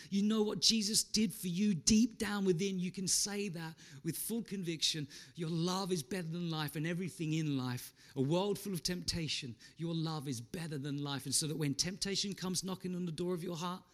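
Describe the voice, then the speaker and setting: Dramatic high-voiced preacher. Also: male voice. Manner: dramatic, swings from loud to hushed. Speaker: pastor. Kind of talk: sermon.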